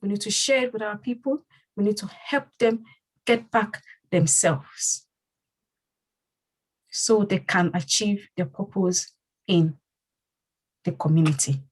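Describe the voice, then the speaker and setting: A woman's voice: mid-range voice, slow pace, long pauses, breathy edge, low-quality recording. A woman who leads her community and hosts a panel discussion. She speaks earnestly and repeats phrases for emphasis. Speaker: community leader and host.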